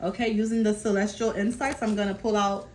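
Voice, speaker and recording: A woman doing a casual tarot reading, calmly relaying messages from spirit and often checking in with her listener. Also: medium pitch, a little fast, a little hiss or hum, rough recording. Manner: reassuring, keeps checking in with "okay?". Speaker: tarot reader.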